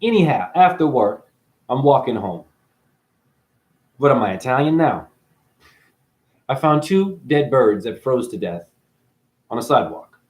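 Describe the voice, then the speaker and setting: A man's voice: mid-range voice, sing-song, measured pace, pauses often, a little mellow. Man ranting profanely at viewers. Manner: preachy, swears freely, addresses viewers directly. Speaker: vlogger. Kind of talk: profane spiritual rant.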